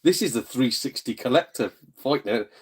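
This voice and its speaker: A man's voice: mid-range voice, animated, normal speed, slightly rough. A man hosting a casual live stream from his front room, chatting to viewers in a blunt, jokey way, now and then swearing and putting on voices when he retells exchanges. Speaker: streamer and gaming channel host.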